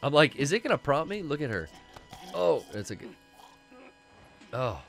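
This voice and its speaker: A man's voice: fairly high pitch, big pitch swings, normal speed, creaky, fairly bright tone, faint music behind. A man co-hosting a casual gaming stream, laid-back and swearing often, muttering to himself as he plays. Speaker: stream co-host playing a video game.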